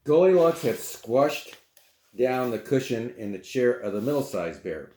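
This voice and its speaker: Male storyteller reading to children, animated, chatty asides, roomy echo. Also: lowish voice, unhurried.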